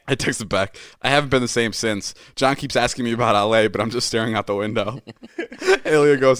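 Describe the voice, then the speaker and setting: A man in his twenties, a podcast host, telling a story in a casual, animated way and laughing often. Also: mid-range voice, moderate pace, smooth, no echo, studio quality. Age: 20s. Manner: animated, laughing, swearing often, acts out friends' lines.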